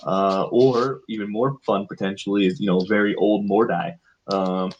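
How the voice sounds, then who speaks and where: A man's voice: on the low side, steady tone, normal speed, muffled recording, a little hiss or hum. A man chatting casually as a player on a tabletop game podcast, easygoing and chuckling. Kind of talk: casual chat.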